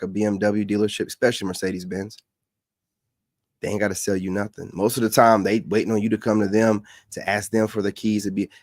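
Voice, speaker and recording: Man from the Carolinas, lecturing reaction host, lowish voice, dry close sound. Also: a little mellow, dry recording. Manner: lecturing, repeats points for emphasis. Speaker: commentator reacting to clips. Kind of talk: casual reaction commentary.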